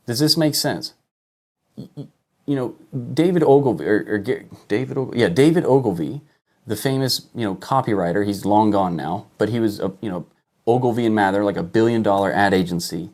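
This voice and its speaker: A man's voice: medium pitch, expressive, a little fast, a little mellow. A man teaching online marketing on a livestream, talking emphatically, asking rhetorical questions and checking in with "okay?" as he points at his screen. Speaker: online business coach. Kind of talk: live-streamed marketing lesson.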